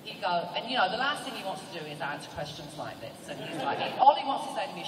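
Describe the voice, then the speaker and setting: A woman's voice: mid-range voice, fast talker. A woman with an English accent, a guest on a convention panel, telling comic stories to a live audience in a playful, teasing way. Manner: animated, playful, teasing asides to the crowd. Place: large convention hall. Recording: echoey hall recorded from far off with loud crowd. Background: audience laughter and crowd noise.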